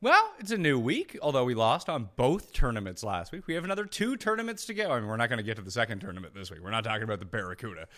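A man's voice: mid-range voice, very animated, very fast, few pauses, a bit bright. A man hosting a sports betting podcast in a hyped, promo-style way. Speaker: podcast host.

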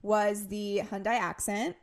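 A woman's voice: medium pitch, level tone, measured pace. Podcast co-host, a woman in her twenties, casual and chatty; she tells long anecdotes and puts on quoted voices. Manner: chatty storytelling, heavy use of "like"; acts out quotes in raised voices. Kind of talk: casual chat.

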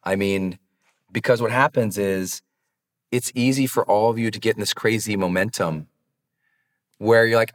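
A man talking as a high performance coach in a motivational podcast, earnest and direct, challenging listeners with warm asides. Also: steady tone, normal speed, pauses often, long reverb tail.

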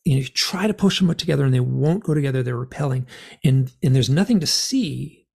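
Gravelly-voiced man telling a rambling story. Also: medium pitch, fairly quick. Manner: rambling, animated, lots of fillers. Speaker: guest author and experiencer. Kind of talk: storytelling in an interview.

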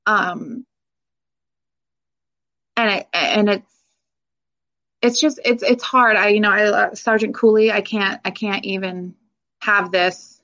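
Female veteran guest, mid-range voice, halting and emotional, nervous laughs, slightly muffled lo-fi recording. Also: mid-range voice, steady tone, bright, forceful tone. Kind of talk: emotional interview conversation.

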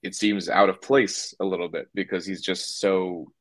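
A man's voice: deep voice, level tone, normal speed, no room sound. A man talking as a puppeteer guest in a casual interview, rambling with lots of fillers and restarts.

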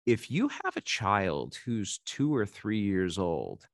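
A man's voice: lowish voice, big pitch swings, slow, no echo, clean studio sound. A man in his forties, a podcast guest, telling candid, self-deprecating stories and often restarting his sentences. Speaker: podcast guest, baseball insider. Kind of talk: casual interview storytelling.

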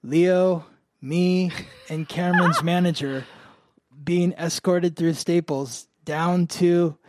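A man's voice: high-pitched, fairly even intonation, slow, very noisy. A man hosting an astrology podcast, telling a story in a casual, rambling way full of fillers. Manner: rambling, many "like" fillers, laughs often.

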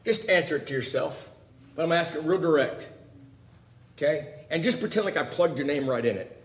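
A man preaching a sermon, putting direct questions to his listeners and swinging between loud emphasis and hushed, quiet lines. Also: a little high, animated, fairly quick, roomy sound.

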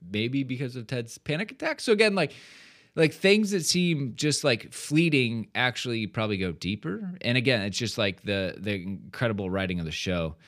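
A man's voice: medium pitch, lively intonation, normal speed, a bit bright. A man co-hosting a casual podcast recap, rambling through his points with many fillers and trailing sentences. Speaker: podcast co-host.

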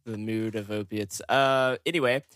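A man's voice: fairly low pitch, fairly even intonation, moderate pace, fairly bright tone, smooth, no echo, clean studio sound. A man hosting a casual podcast, loose and a bit profane, plugging the show's links. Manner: loose, profane, plugs the show. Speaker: podcast host. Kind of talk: casual chat.

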